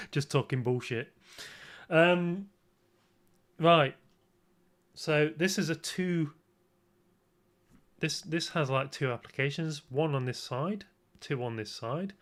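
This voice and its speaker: Chatting casually during a makeup tutorial, the male streamer takes his time with viewers. He speaks at an ordinary middle pitch, drifts from point to point, jokes at his own expense, and often begins lines again.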